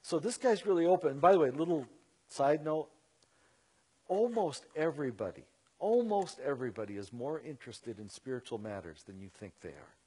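A man telling a story to an audience in an animated, conversational way, with many fillers and asides. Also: a little high, fairly quick, husky. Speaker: Christian speaker. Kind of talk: storytelling talk.

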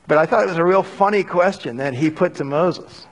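A man's voice: high-pitched, fairly quick. An older man preaching a sermon to a live congregation in a conversational way, rising into urgent bursts. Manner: conversational, animated bursts when urging. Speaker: pastor. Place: church hall before a live audience.

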